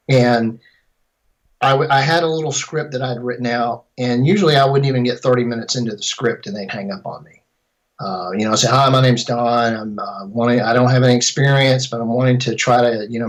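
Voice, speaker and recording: A middle-aged man tells his story in a casual interview. His voice sits at an ordinary pitch, and he rambles, restarts and corrects himself as he goes. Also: rough recording. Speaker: filmmaker and composer.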